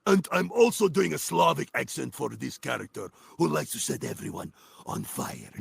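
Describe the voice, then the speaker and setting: A man guesting on an interview podcast, a voice actor telling animated, profane stories about his work. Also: mid-range voice, measured pace, vocal fry. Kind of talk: casual interview chat.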